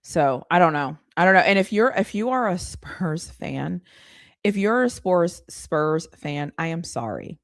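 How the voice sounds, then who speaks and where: A woman's voice: fairly low pitch, lively intonation, a little slow, dry recording, studio quality. A woman hosting a live stream, chatting casually and ranting with exasperation, laughing often. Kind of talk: casual live sports chat.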